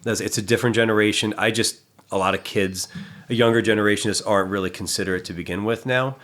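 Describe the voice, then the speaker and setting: A man with a lowish voice chats casually on a podcast as a gym trainer. He is blunt and swears freely, and he acts out the people in his stories. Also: steady tone, fast, a bit bright. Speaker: personal trainer and gym staff.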